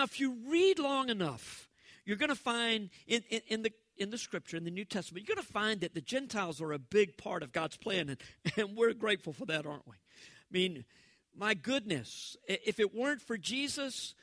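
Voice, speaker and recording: A male pastor, preaching a sermon in a conversational, animated way and acting out the voices he quotes. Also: high-pitched, no room sound.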